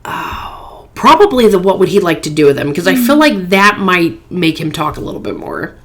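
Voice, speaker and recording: A woman's voice: lowish voice, sing-song, moderate pace. A woman hosting a phone game playthrough, reading chat messages aloud in a playful, chatty way. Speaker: gaming channel host.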